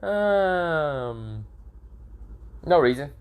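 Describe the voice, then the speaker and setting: A man's voice: on the high side, sing-song, very slow, smooth, voice pushed up, full character voice. A man voicing a cocky, laid-back teenage boy ninja in a fan story, teasing and flippant. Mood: cheeky.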